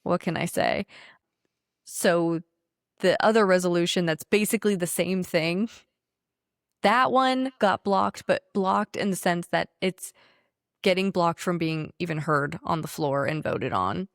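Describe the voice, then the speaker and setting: A woman co-hosting a podcast, ranting in casual political chat, blunt, sarcastic and quick to swear. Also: fairly low pitch, no room sound, studio quality. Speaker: podcast co-host.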